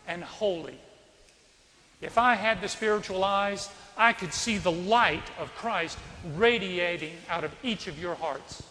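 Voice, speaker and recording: High-voiced man preaching in a reverberant church. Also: fairly bright tone, a little hiss or hum. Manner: conversational storytelling, asks the congregation questions. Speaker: priest. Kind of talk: sermon with a personal story.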